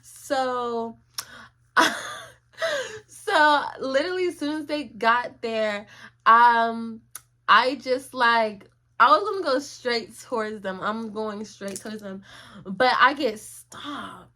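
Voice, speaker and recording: A woman's voice: a little high, takes it slowly. A young woman vlogging a story in a casual, slangy way, acting out what people said. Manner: animated, slangy, acts out quotes.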